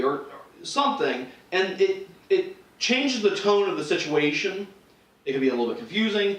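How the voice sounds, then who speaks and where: A man's voice: sits high, expressive, a little fast, a bit bright. A man instructing self-defense, talking casually with frequent restarts and acted-out lines while demonstrating. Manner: casual, conversational, many restarts and acted-out quotes. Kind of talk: demonstration lesson. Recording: roomy echo, mic far off.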